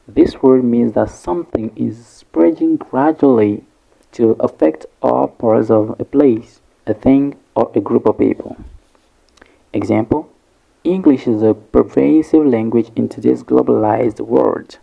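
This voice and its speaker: Male English tutor, slow and gravelly, repeats syllables with care; dull lo-fi recording. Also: mid-range voice. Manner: repeats syllables slowly and deliberately. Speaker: English teacher. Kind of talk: pronunciation lesson.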